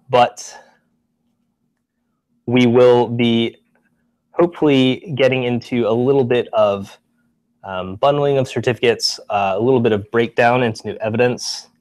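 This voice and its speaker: A man on staff giving a casual office-hours update, relaxed, with many ums and restarts. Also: mid-range voice, no echo. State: briefly out of breath. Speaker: staff presenter.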